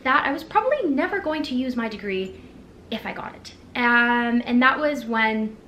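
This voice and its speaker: A woman's voice: a little high, expressive, normal speed, bright, forceful tone. A woman in her twenties talking candidly to the camera in a casual vlog, reflective and sprinkled with fillers. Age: 20s. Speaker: vlogger. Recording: echoey with faint background noise.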